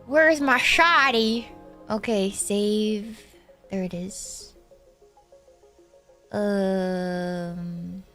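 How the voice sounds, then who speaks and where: A woman's voice: on the high side, sharp tone. A woman from Texas who streams, chatting casually with viewers, thanking donors and breaking into song.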